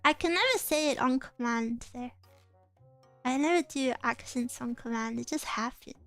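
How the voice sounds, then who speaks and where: A woman's voice: sits high, moderate pace, fairly bright tone, faint music behind. A woman chatting casually on a livestream, answering viewer comments in a playful, giggly way with cutesy exclamations. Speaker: streamer.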